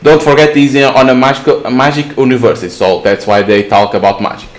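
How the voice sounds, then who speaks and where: A man's voice: medium pitch, fairly even intonation, fast talker, low-quality recording. A man reading a mystery visual novel aloud, with casual, filler-heavy asides of live commentary. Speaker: gamer.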